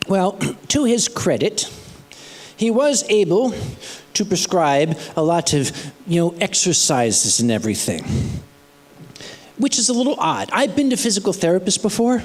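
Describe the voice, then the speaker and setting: An older man telling a story live on a convention stage, his voice sitting high and swinging widely in pitch. He is animated and expressive and drops dry, sarcastic asides between beats. He speaks into a microphone in front of a crowd. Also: measured pace, big-room sound. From United States. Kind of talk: live comic storytelling to an audience.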